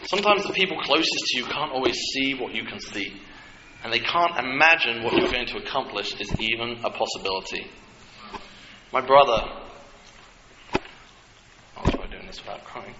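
A man preaching a sermon, animated and humorous, with asides to the congregation. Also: mid-range voice, moderate pace, pauses often. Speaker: pastor. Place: church hall. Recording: echoey hall with dull lo-fi sound and clear noise.

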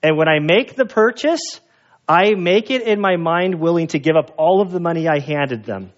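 A man's voice: fairly high pitch, expressive, normal speed, lo-fi sound. A man preaching a sermon as a pastor, talking in a casual, conversational storytelling way with fillers.

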